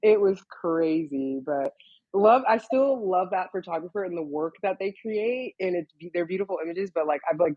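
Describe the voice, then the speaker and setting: A woman's voice: on the low side, expressive, normal speed, mellow, slightly rough, no room sound. Chatty young woman, dull lo-fi sound. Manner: chatty, many "like" fillers, laughs often, quotes herself. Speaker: guest model. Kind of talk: casual interview storytelling.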